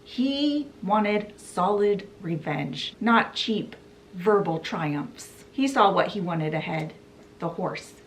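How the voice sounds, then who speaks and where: A woman's voice: lowish voice, animated, slow, a little hiss or hum. A woman hosting a book channel, retelling a classic story in a chatty, casual way. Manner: chatty, fills with "you know" and "he's like".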